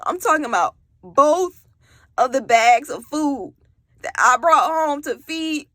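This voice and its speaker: Young woman, bright tense voice with a slightly raised pitch, candid storytime vlog with lots of "like", recorded dry and close. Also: expressive, slow, no echo. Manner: rambling, frequent "like" and swearing, candid. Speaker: vlogger telling her own story. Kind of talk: casual storytime monologue.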